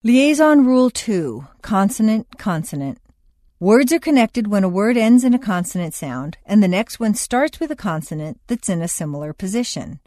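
Woman, instructional reading, lively rising-falling pitch, dry close sound. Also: no room sound. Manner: clear, measured announcing of headings and rules. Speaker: narrator of an accent lesson.

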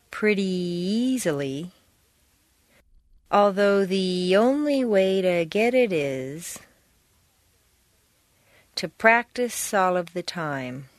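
A woman reading pronunciation drills slowly, drawing out and linking her words for learners to repeat. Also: fairly low pitch, no room sound, clean studio sound. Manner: drawn-out, deliberately linked words. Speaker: pronunciation instructor. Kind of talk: slow, exaggerated drill reading.

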